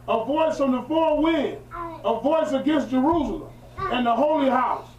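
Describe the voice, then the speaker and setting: On lo-fi audio, a very high-voiced man, a religious teacher, reads an old historical account to a small group and keeps interrupting with plain-spoken, emphatic preaching. His voice reverberates through a roomy space, sounding distant from the mic.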